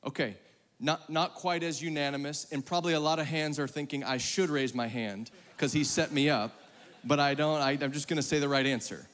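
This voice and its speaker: A man preaching to a congregation in a fairly high voice, chatty and direct with the crowd. He shifts between punchy, loud emphasis and quiet, dropped-down stretches, and his words ring out with a long reverb in a big hall. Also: brisk. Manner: conversational, calls on the audience to raise hands; swings between loud emphatic bursts and hushed, low passages. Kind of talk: sermon to a live congregation.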